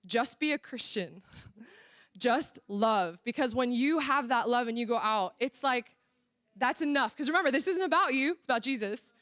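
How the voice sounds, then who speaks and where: A young American woman from Florida gives a casual, sermon-style church workshop talk, animatedly telling stories and acting out dialogue. Her voice is on the high side and fairly bright, at a moderate pace, recorded at studio quality with no room sound.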